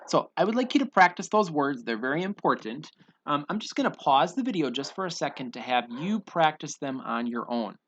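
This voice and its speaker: A man's voice: fairly high pitch, sing-song, fairly quick, fairly bright tone, highs cut off, slight background noise. A man teaching English pronunciation in an online lesson, patiently repeating each word for students to drill.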